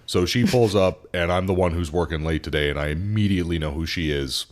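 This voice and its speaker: A young man, a podcast co-host, casually telling a story about a customer at his car shop. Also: a little fast. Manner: animated, acts out customer in high voice.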